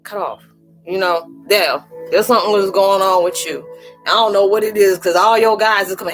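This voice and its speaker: A woman gives a casual tarot reading on a livestream, talking in loose, rambling runs. She often slips into quoted voices as she talks, with her pitch sitting in a middle range. Soft music plays faintly beneath her. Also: animated, a little fast. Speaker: spiritual tarot reader hosting a live chat.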